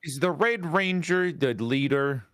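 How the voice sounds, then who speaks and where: A male guest who jokes and teases the group with a crude, playful edge. His voice sits high and sounds bright and lively. The sound is dry. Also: a little slow, smooth, dry recording. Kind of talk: casual group chat.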